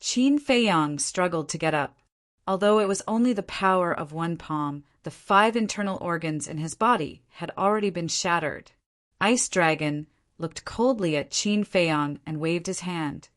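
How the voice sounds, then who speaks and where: A woman narrating a fantasy novel as an audiobook in a steady, measured storytelling read. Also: fairly low pitch.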